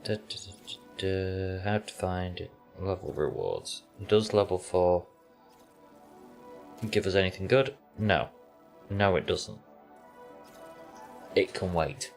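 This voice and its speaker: A man's voice: deep voice, expressive, slow, gravelly, pauses often, faint music behind. A man, casually chatting to viewers while playing a game, dry and offhand. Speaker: gaming streamer.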